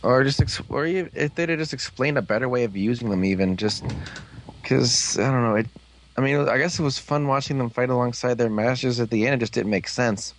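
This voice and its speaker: A man's voice: mid-range voice, fairly quick, slight background noise. A man chatting casually about a TV show, hesitant and restarting his sentences. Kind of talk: casual fan chat.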